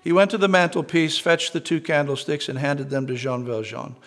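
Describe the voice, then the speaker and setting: Gravelly-voiced male pastor preaching. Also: a little high, moderate pace, fairly bright tone. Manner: earnest storytelling, quoting scripture. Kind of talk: sermon with read-aloud story.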